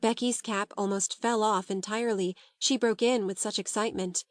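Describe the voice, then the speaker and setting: A woman narrating a classic novel as an audiobook, in a calm, measured, unhurried way. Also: mid-range voice, no echo, studio quality.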